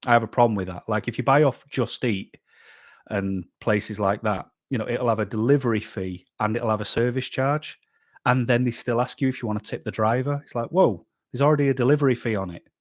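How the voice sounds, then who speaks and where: With a medium-pitched voice and a slightly fast delivery, a YouTube host from England works through his live chat on a casual stream. He reads each comment aloud, then gives a blunt, chatty reply. Studio quality, no echo.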